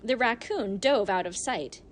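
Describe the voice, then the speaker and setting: A woman narrating an audiobook in the first person, telling the story in an animated, expressive way. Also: a little high, unhurried, slight background noise.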